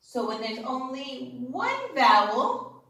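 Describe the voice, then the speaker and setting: A woman teaching a young children's phonics class in a slow, exaggerated sing-song manner, with excited gasps. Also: high voice. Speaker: kindergarten teacher. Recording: echoey room.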